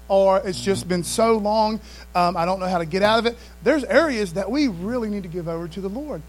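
A pastor with a notably high voice preaches briskly and conversationally to his congregation, pressing emphatic points and repeatedly calling for responses. The low-quality recording carries a little hiss or hum.

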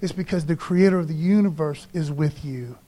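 Man, preacher, high voice, casual animated sermon, church. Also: a little fast.

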